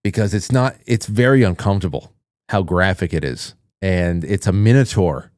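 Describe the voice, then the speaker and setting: A man's voice: deep voice, normal speed, a little mellow, no room sound, studio quality. A man hosting a call-in show, reading viewer messages aloud in a chatty, jokey way and reacting with surprise. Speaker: radio show host.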